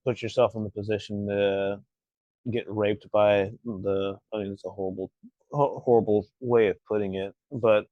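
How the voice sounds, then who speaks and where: A man's voice: lowish voice, steady tone, moderate pace, no room sound, muffled recording. A man co-hosting a podcast, speaking in a reflective, hesitant way and searching for his words. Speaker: podcast co-host. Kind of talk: casual chat.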